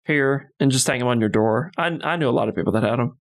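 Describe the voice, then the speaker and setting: A man co-hosting a podcast, chatting casually about a film, relaxed and analytical, swearing now and then. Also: medium pitch, fast. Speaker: podcast co-host. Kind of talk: casual movie commentary chat.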